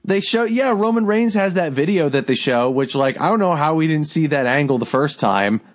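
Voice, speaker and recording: A man co-hosting a casual wrestling podcast who rants in an animated way and swears a lot. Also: a little high, normal speed. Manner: animated, profane ranting. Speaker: podcast co-host.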